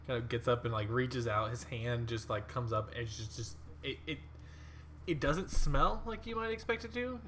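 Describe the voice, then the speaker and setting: A man's voice: medium pitch, normal speed, a bit bright, slight background noise. A man narrating as dungeon master, rambling with fillers and frequent laughs. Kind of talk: narrating a tabletop game.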